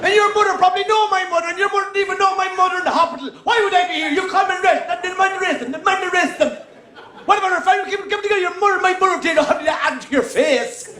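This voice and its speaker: Frantic Irish rambler, put on by a man, high pitched, fast, echoey hall. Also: sharp tone, a faint crowd. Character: panicked man rambling wildly to bluff.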